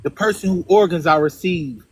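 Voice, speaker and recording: A man's voice: high-pitched, moderate pace, breathy edge. A man, a guest on the show, earnestly telling a personal story in a casual, emphatic way and often checking in with his listeners.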